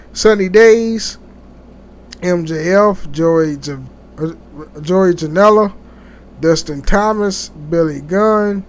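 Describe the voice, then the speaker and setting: A man hosting a casual solo podcast, talking in a rambling, halting way with many restarts and fillers. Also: high voice, a little hiss or hum. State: sleepy, yawning. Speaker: podcast host.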